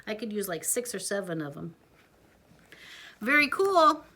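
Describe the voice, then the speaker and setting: A woman reading a picture book aloud to a child, playful, with chatty asides and hushed whispers. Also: medium pitch, very animated, a little slow. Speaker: parent reading a storybook to a child. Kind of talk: animated read-aloud storytelling.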